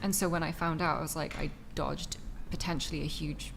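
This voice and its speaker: A woman from Wales with a received pronunciation British accent, a guest on a casual podcast panel, soft-spoken and giggly, hedging often. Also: low-pitched, fairly even intonation, a little fast, vocal fry, a little hiss or hum.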